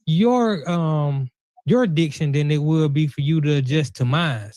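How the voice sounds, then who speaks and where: A man hosting a podcast, chatting casually in an animated, slangy way and thinking out loud. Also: a little high, a little slow, no echo. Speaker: podcast host. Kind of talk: casual conversation.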